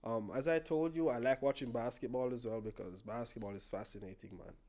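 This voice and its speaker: A man's voice: medium pitch, fairly quick, warm tone. A young man with a Jamaican accent, a podcast guest in casual chat, rambling along and repeating words as he thinks.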